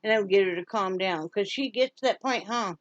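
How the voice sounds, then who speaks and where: A chatty Wyoming woman, a vlogger and pet rescuer, films a casual home vlog, switching between folksy talk to viewers and coaxing, sing-song baby talk to her dog. Her medium-pitched voice is brisk, with no room sound and the highs cut off.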